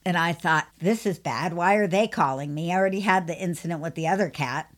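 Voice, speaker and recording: A woman hosting a grooming podcast tells a rambling, lively story about her work. Her voice sits a little low for a woman. She talks in an easy, animated manner. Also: fairly quick. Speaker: mobile pet groomer and podcast host. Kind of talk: casual storytelling.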